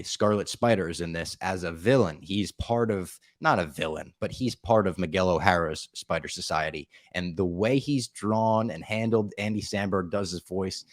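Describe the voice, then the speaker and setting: A man hosting a podcast, retelling a movie plot in a rambling, animated way with casual swearing. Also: low voice, no room sound, studio quality. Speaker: podcast host. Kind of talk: casual movie recap chat.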